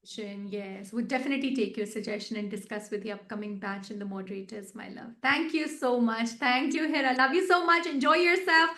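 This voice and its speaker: A woman's voice: on the high side, brisk, few pauses, bright, forceful tone. A woman tutor hosting an online video call, encouraging and affectionate with her students. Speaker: course tutor hosting an online congratulations meeting.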